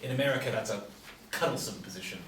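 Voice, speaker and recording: A man's voice: on the low side, quick pace, background noise, lightly acted. A man playing a wry posh Briton, roomy and distant. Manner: dry, teasing, formal phrasing. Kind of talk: script reading.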